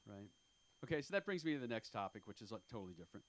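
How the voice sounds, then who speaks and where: A man in his fifties doing an open-mic stand-up set on a comedy club stage. He talks in a rambling, self-deprecating way, halting often with fillers. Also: on the low side, big pitch swings. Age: 50s.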